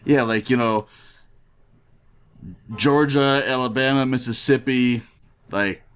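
A man's voice: medium pitch, fairly even intonation, slow pace, fairly bright tone, clean tone. A man from near Chicago, a guest in a casual podcast chat who rambles and leans on filler words. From Midwest US, near Chicago.

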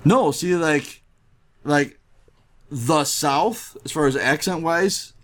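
A man's voice: a little high, takes it slowly, a bit bright. A man from near Chicago, a guest in a casual podcast chat who rambles and leans on filler words. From Midwest US, near Chicago.

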